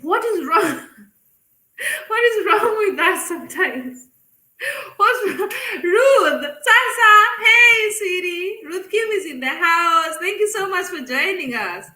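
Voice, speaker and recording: A Kenyan woman chats casually on a live stream in a high, bright voice. She talks animatedly, laughs often and mixes Swahili phrases into her English. The sound is echoey, as if from a bare room. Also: lively intonation, takes it slowly.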